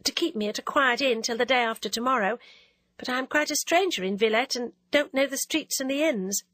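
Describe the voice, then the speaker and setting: A woman's voice: high voice, a little fast, a bit bright, dry recording, pitched above the performer's own voice. A woman voicing a timid, earnest young woman stranded abroad in a storybook reading, pleading politely.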